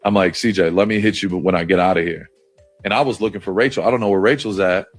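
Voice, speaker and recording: A man with a very low voice tells a story in a loose, casual way, full of "like" fillers and swearing. The sound is a dry podcast clip with faint music underneath. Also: fast talker, no room sound. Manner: loose, profane, lots of "like" fillers. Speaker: football player on a podcast.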